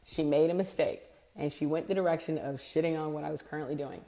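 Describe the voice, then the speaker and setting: A woman's voice: sits low, fairly even intonation, quick pace, gravelly, mellow. A woman in her forties giving a blunt, emphatic sales rant, acting out quoted people as she goes. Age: 40s. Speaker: sales speaker. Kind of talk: ranting monologue.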